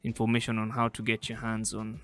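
A young Nigerian man with a Nigerian accent co-hosting a casual chat show, animated and quick to laugh. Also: on the low side, clean tone. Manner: laughs often, animated, jokey. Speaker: podcast co-host.

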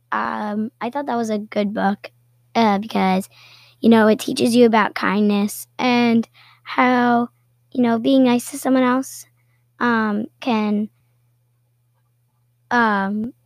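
A woman reading a children's picture book aloud with playful, expressive storytelling and little asides. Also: on the high side, slow pace, pauses often, no echo. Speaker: storybook reader.

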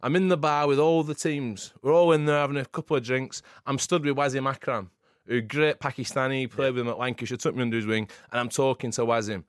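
A man co-hosting a podcast, telling animated stories with frequent laughter in casual chat. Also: medium pitch, fast talker, dry recording, clean studio sound. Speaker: podcast co-host.

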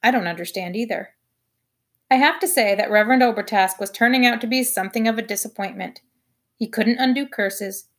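A woman reading a children's novel aloud, telling the story in an expressive first-person voice. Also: fairly high pitch, fairly quick. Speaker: audiobook reader.

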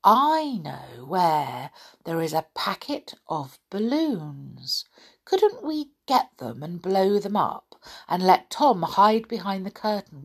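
A woman's voice: on the low side, creaky, husky, full character voice. A woman voicing a clever male teddy bear who schemes and turns cross. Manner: hushed and scheming, then cross.

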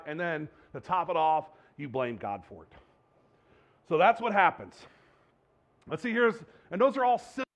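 Talking to his congregation as though in conversation, a male pastor with a fairly high, slightly bright voice poses rhetorical questions, trips over his words, restarts and laughs off the mistakes. The sound is dull and lo-fi with the top end cut.

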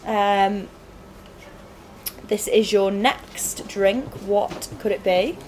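A woman's voice: medium pitch, steady tone, extremely slow. Giggly woman hosting in a noisy pub. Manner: giggly, exclaims loudly at bad smells. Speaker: host running a taste challenge. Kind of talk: lively hosting. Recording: busy pub with chatter behind.

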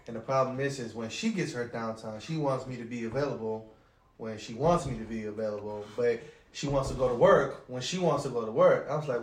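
A man's voice: mid-range voice, brisk. A man on a podcast telling stories about his relationship in casual, profane chat, quoting his partner along the way. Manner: animated, profane storytelling that quotes his partner. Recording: roomy echo with faint noise.

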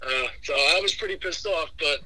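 A man calling in as a guest to a sports podcast, giving opinionated, animated takes with frequent restarts. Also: a little high, moderate pace, slightly rough, no echo, rough recording. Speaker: caller, guest fan. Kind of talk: casual sports talk.

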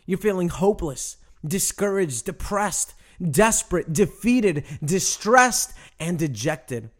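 A young adult male pastor preaching a sermon, emphatic and direct with the congregation, stretching out key phrases slowly. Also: sits high. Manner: animated preaching, emphatic with slow drawn-out phrases; addresses congregation directly, asks them to respond.

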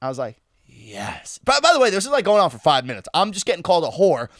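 Guy spinning a party story, lively voice jumping up and down, dry close mic, laughs a lot. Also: sits high, very fast, dry recording. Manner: animated, laughing, swears freely. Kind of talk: casual storytelling chat.

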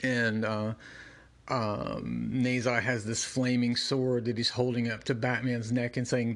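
A man's voice: medium pitch, level tone, unhurried, fairly bright tone. Casual man narrating a comic. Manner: conversational, many fillers and asides. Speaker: comic book reviewer and reader. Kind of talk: casual comic read-along commentary.

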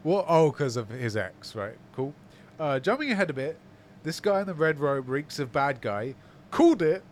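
A man co-hosting a casual podcast, reading listener comments aloud and reacting with quick, animated quips. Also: a little high, a little hiss or hum. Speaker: podcast co-host.

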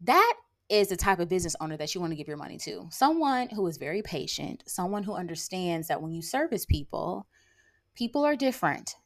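A woman hosting her own podcast in a casual monologue, sassy and emphatic, constantly checking in with "okay?" and "like". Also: lowish voice. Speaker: podcast host; lash artist and brow tattooer. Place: rural area.

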